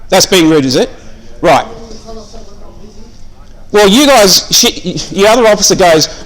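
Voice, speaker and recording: A man's voice: sits high, expressive, fairly quick, fairly bright tone. An Australian man in a police station, insistently arguing with officers and repeating his questions while filming on a phone. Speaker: member of the public filming police. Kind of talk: confrontational argument. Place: police station reception area, indoors.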